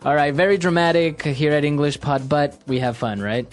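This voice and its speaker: Male podcast teacher, casual and clear, light music bed. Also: on the high side, normal speed. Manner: relaxed, repeats phrases for learners. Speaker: podcast host, English teacher.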